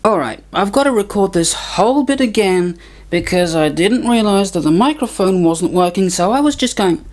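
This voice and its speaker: A woman's voice: mid-range voice, lively intonation, moderate pace, a little mellow. A woman rambling casually in a vlog while fiddling with her camera and gear, grumbling and mocking herself. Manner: grumbling, self-mocking muttering. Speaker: video maker.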